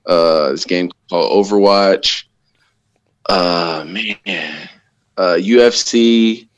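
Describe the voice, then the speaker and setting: Appearing as a guest on a podcast, a pro wrestler chats casually in a laid-back, easygoing way, laughing often. His voice is deep and unhurried, and the recording is dry.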